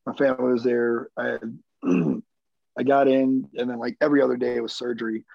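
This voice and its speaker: Candid, profane young man with a gravelly voice. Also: mid-range voice, steady tone, brisk, dry recording, lo-fi sound. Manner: candid, profane, rambling with many fillers. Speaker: guest, wounded Marine veteran. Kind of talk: casual storytelling interview.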